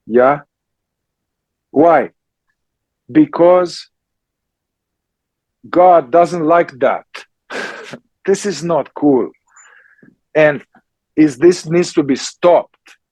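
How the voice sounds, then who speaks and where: A man, a therapist and teacher answering questions in a slow, emphatic conversational way, often checking in with "yeah?". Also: fairly high pitch, darkish tone, dry recording, low-quality recording. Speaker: somatic psychotherapist and teacher.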